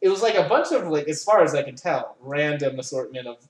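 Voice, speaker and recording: Young adult rambling and swearing through a story, lots of "like", mid pitch, echoey room. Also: animated, fairly quick. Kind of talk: casual chat. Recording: roomy echo.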